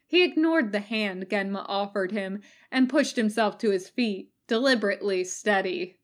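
A woman reading fan fiction aloud as a recorded podfic, in calm, even narration. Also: mid-range voice, normal speed. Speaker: podfic reader.

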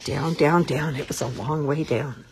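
A woman reading a children's story aloud in an expressive, sing-song storybook manner. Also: low-pitched, measured pace, slight background noise.

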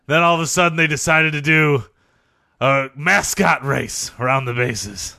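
Young guy hamming it up with overblown stories, high gravelly voice, super bright. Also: a little slow. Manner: over-the-top, melodramatic storytelling, shouting out tall tales. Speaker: comedic interview guest. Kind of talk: improvised comedy interview.

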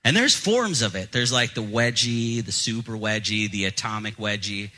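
A man's voice: fairly low pitch, animated, normal speed, pushed and bright, slight background noise, low-quality recording. A young adult male pastor preaching a sermon, telling jokey, self-deprecating stories from his childhood.

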